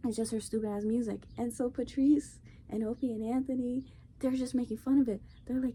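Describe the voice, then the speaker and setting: A woman's voice: on the high side, fairly even intonation, brisk, mellow. A woman hosting her own show, ranting bluntly and profanely in a casual opinion monologue. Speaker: podcast host. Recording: faint background noise.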